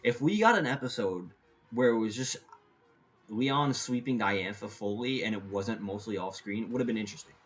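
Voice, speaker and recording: A man giving a casual, opinionated review, rambling and animated, often restarting his sentences. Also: lowish voice, normal speed, faint music behind, rough recording. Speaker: anime reviewer.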